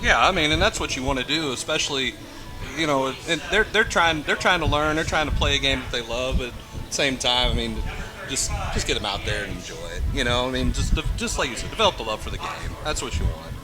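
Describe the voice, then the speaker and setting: A man's voice: medium pitch, lively intonation, brisk, over music. A man, a coach, doing casual color commentary in a rambling way with many restarts.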